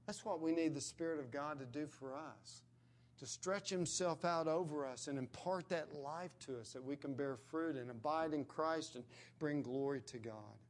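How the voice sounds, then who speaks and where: A man's voice: a little high, normal speed. A man preaching a sermon, earnest and emphatic, pressing his points with rising stresses.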